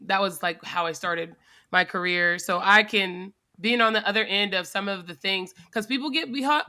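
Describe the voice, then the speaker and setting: Woman cohost talking it through, bright sharp voice, chill chat. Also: mid-range voice. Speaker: podcast co-host. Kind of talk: casual panel discussion.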